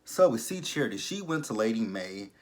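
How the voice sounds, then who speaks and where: A man's voice: lowish voice, big pitch swings, brisk, darkish tone. A man recapping a TV episode in a blunt, exasperated, rambling way, full of fillers. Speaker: TV episode reviewer. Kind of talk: casual recap vlog.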